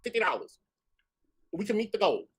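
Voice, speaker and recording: A man's voice: high-pitched, sing-song, brisk, husky. A man streaming live, telling brash, profane stories and chasing donation goals. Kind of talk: casual stream chat.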